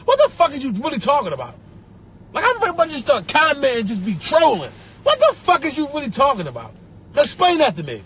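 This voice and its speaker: A man with a Philadelphia accent ranting on a phone livestream, animated and profane, mocking people in a put-on voice. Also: very high voice, a little fast. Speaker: social media personality. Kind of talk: livestream rant. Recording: phone livestream with faint background noise.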